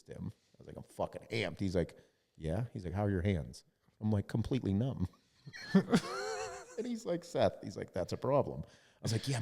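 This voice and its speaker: A man's voice: fairly low pitch, vocal fry, warm tone, slightly rough, big-room sound. A man hosting a podcast, telling a story in casual chat and quoting others, with lots of swearing. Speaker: podcast host.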